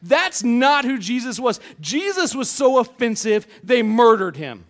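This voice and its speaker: A man with a notably high voice delivers a sermon from the pulpit. He talks casually and jokes with his congregation, slipping into quick voiced asides as he tells stories. Animated and conversational. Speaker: pastor. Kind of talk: humorous sermon. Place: church sanctuary.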